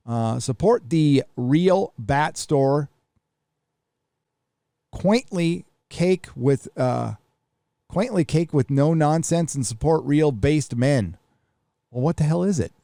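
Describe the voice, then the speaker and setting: A man's voice: mid-range voice, mellow, no echo, clean studio sound. A man hosting a livestream, casually reading viewer messages aloud and riffing on them with offhand swearing. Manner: offhand, swears freely, reads messages aloud then riffs. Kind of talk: casual live chat.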